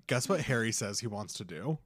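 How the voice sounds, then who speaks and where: A man's voice: lowish voice, lively intonation, fairly quick, no echo. A man co-hosting a podcast, chatting casually in a rambling way with lots of fillers. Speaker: podcast co-host. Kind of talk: casual chat.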